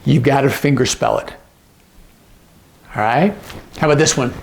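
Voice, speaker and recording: A man's voice: medium pitch, gravelly, slight background noise. A man teaching sign language phrases, patiently repeating each phrase and often checking in with the viewer. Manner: repeats phrases slowly, gloss by gloss. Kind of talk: instructional explanation.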